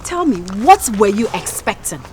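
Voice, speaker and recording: A woman's voice: fairly high pitch, very animated, normal speed, a little mellow, slight background noise. An actress with a Ghanaian English accent playing a proud young woman who firmly turns down her lover in a comedy drama series. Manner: firm, dismissive. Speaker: Lottie, a girlfriend rejecting her partner.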